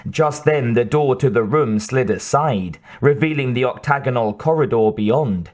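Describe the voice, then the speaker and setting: A man narrating an audiobook in a measured, steady way. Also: mid-range voice. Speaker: audiobook reader.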